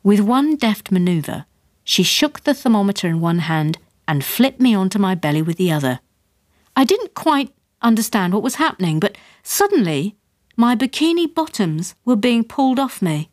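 A woman's voice: medium pitch, very animated, moderate pace, dry recording, studio quality. A woman narrating a memoir audiobook with wry, comic storytelling.

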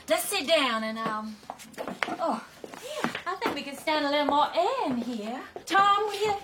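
A woman's voice: a little high, background noise, natural voice. An actress playing a faded, chatty Southern belle mother in middle age, with a Southern accent and a genteel, rambling manner. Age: middle-aged. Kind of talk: stage drama acting.

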